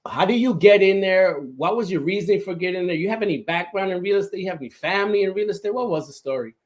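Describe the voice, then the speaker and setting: A man's voice: high voice, expressive, fast talker. A man hosting a podcast interview in a casual, enthusiastic way, often checking in with "right?". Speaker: podcast host.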